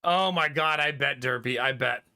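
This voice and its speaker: A man's voice: mid-range voice, normal speed. A man in his thirties chatting casually with viewers on a livestream, telling funny stories about his kids and laughing often. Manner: animated storytelling with frequent laughter. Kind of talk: casual chat reading viewer comments.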